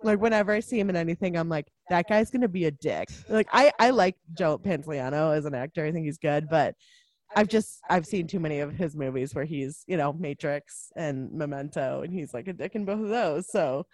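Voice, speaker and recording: A woman in casual conversation about a film, animated, laughing often and acting out characters' lines. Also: sits low, fairly quick. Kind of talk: casual movie discussion.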